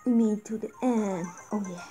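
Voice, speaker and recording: A woman giving casual commentary on her own gameplay, reading the game's text aloud with excited outbursts. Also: medium pitch, a little fast, low-quality recording. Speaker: gameplay video host. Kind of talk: casual let's-play commentary. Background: game music.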